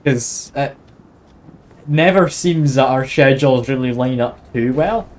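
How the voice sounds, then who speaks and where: A man's voice: medium pitch, unhurried. A man with a Scottish accent chatting casually with his viewers while live-streaming a video game. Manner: chatty, easygoing, talks to chat while playing.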